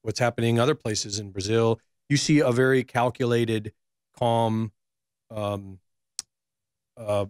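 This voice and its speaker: A man, a reporter, talking in a measured, hesitant way during a casual political chat. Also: medium pitch, steady tone, a little mellow, no room sound, studio quality.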